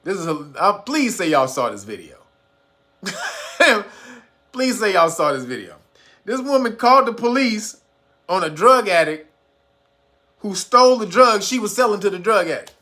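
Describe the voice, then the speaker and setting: Bright-voiced woman in casual chat. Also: medium pitch, sing-song, moderate pace, pauses often. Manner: loose, chatty, profane storytelling addressed to viewers. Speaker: commentary vlogger. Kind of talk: casual commentary.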